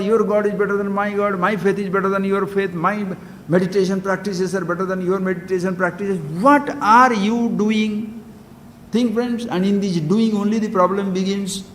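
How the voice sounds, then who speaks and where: A man giving a spiritual discourse as a teacher, speaking emphatically and putting questions straight to his listeners. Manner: emphatic, questions listeners directly, wide swings in pitch and loudness. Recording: long hall reverb with faint background hiss.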